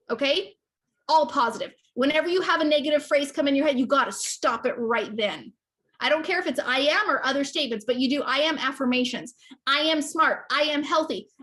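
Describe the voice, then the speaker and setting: A woman's voice: high voice, fairly bright tone. A woman business coach giving a passionate motivational talk, emphatic and repeating herself for effect.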